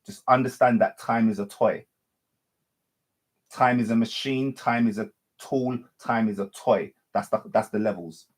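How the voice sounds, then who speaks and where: A man with a lowish voice speaks unhurriedly as a spiritual teacher, giving an unscripted monologue. His phrasing circles and repeats, reworking lines and frequently correcting himself.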